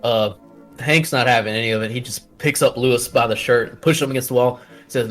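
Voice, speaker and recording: A man's voice: medium pitch, brisk, a bit bright, faint music behind. A man playing a tabletop game, chatting briefly and offhandedly. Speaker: player. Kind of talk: casual tabletop game chat.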